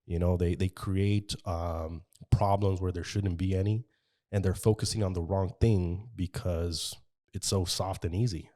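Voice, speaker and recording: A man's voice: deep voice, fairly even intonation, a little slow, mellow. A man from the United States in casual podcast conversation, talking earnestly and at length, with many restarts.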